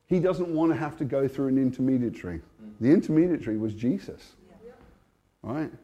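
A British man giving a testimony sermon, storytelling with energy and laughing often, swinging between hushed and loud. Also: medium pitch, animated, normal speed, muffled recording. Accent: British English. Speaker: Christian speaker.

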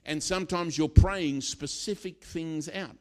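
Animated male preacher telling a story. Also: fairly high pitch, unhurried. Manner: storytelling, animated, acts out quotes with sudden loud bursts. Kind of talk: sermon.

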